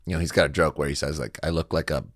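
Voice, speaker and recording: A young comedian guesting on a podcast tells stories in easygoing chat, laughing often, doing put-on voices, and sounding a little tipsy from beer. His voice is very deep and rapid-fire, captured dry on a studio mic with studio-quality sound in a podcast studio.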